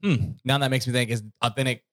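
A man's voice: medium pitch, steady tone, fast, fairly bright tone, no echo. Jokey rambling man, dry close sound. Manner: rambling, jokey, laughs often. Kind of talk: casual chat.

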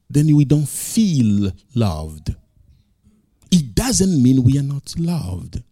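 A man's voice: medium pitch, dark tone, breathy edge, no echo, clean studio sound. A male pastor preaching a sermon, emphatic and repeating key phrases.

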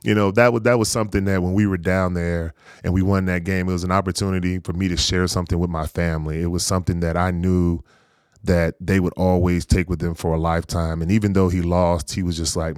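A man in his forties from North Carolina, a former pro football player, recalls old games in an easygoing way. His voice is deep and the sound is close and dry. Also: brisk, no echo. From North Carolina, USA. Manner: easygoing, animated anecdotes with frequent laughs. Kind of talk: casual storytelling interview.

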